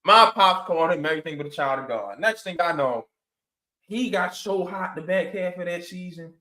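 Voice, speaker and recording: A man's voice: high-pitched, normal speed, echoey room, poor audio. A man co-hosting a sports podcast, telling stories with playful exaggeration in casual chat. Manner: animated storytelling, playful exaggeration. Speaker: podcast co-host.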